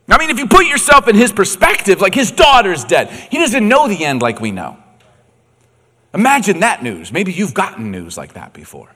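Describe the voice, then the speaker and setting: A man preaching a sermon, dramatic and swinging from quiet to loud, in a long echoey hall. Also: high voice, big pitch swings, moderate pace. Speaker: pastor.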